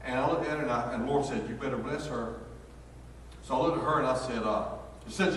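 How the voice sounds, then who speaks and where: Folksy pastor in an echoing hall. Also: male voice, mid-range voice, a little fast, long pauses, a little hiss or hum. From North Carolina, USA. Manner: folksy, storytelling preaching. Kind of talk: sermon. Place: church sanctuary. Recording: echoey hall, picked up from far off.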